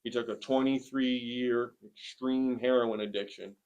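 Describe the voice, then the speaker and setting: A man in his forties tells a hard personal story in plain, earnest words. His voice sits at an ordinary middle pitch, and he often pauses with a soft "um" before going on. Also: fairly even intonation, smooth, highs cut off. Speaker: interviewee sharing a testimony. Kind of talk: personal testimony in conversation.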